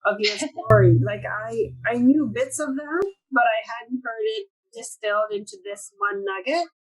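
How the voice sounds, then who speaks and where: A woman's voice: fairly high pitch, animated, moderate pace, poor audio. A woman hosting a casual interview, reflective and supportive, with frequent fillers. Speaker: host.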